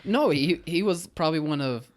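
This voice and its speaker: A man's voice: fairly high pitch, lively intonation, normal speed. Earnest, hesitant male film reviewer. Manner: earnest, hesitant, many restarts. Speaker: podcast co-host reviewing a film. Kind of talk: casual chat.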